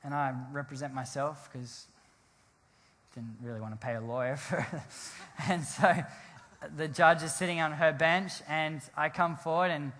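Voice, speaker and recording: A man, a pastor telling a rambling, animated story in a sermon, often laughing and restarting his sentences. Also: fairly high pitch, unhurried. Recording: long hall reverb.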